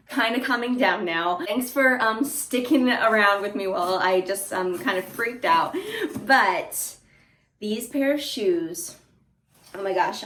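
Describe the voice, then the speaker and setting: A young woman vlogging an excited unboxing at home, gushing with lots of "like" and "oh my God". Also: mid-range voice. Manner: gushing, breathless, fillers like "like" and "oh my God". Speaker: beauty and fashion vlogger. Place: home indoors. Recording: echoey room, faint noise.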